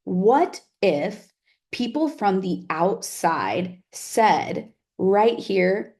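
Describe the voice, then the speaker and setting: A woman's voice: medium pitch, very animated, very slow, darkish tone. A woman teacher talking casually to camera, often checking in with "right?" and "like". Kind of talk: casual reflective talk to camera.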